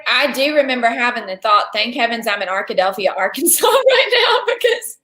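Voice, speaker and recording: Woman co-host, bright and very expressive pitch, folksy chatter. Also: fairly quick. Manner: expressive, folksy reflective chat. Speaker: podcast co-host. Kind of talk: casual chat.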